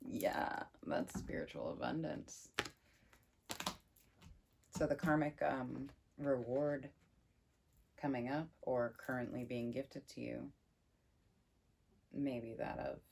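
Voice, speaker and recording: Chatty woman with a gravelly voice. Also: extremely low pitch, slow, pauses often. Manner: chatty, excitable, thinking aloud over cards. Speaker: tarot reader. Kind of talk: casual tarot reading.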